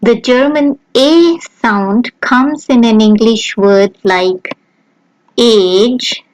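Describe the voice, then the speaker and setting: A woman with a fairly high voice reads out a beginner lesson at a very slow, deliberate pace. Every sound is spelled out clearly and carefully. The recording is dry and close. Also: darkish tone, dry recording, rough recording. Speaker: language teacher. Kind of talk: slow scripted lesson narration.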